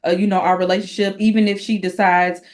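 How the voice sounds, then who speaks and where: A middle-aged mother answering interview questions, thoughtful and halting. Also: medium pitch, little pitch movement. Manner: thoughtful, halting, with fillers and soft laughs. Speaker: guest, mother.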